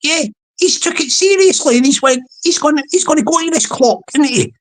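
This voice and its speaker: A woman's voice: high-pitched, a little fast. A woman hosting her own channel in a chatty, mocking monologue, often laughing and repeating words. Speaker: channel host. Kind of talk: casual rambling vlog monologue.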